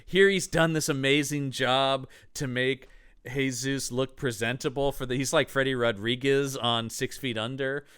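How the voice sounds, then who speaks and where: On a casual movie review podcast, a male co-host talks in an animated way, acting out the characters' lines. His mid-range voice is clear and resonant, at a normal speed.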